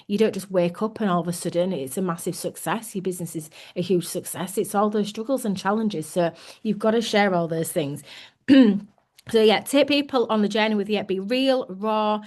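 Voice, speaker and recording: A woman giving a candid, animated motivational talk as a business coach, acting out inner thoughts as she goes. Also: medium pitch.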